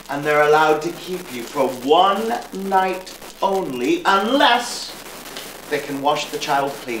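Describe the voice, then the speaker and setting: A man voicing a kind, worried mother who soothes her son in a gentle, hushed way. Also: on the high side, pitched below the performer's own voice. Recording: echoey room, distant mic, hiss.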